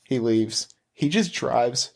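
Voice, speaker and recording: A man's voice: mid-range voice, lively intonation, slow, creaky. A man co-hosting a podcast, throwing in wry, profane jokes during casual movie chat. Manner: wry, joking asides, profane. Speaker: podcast co-host.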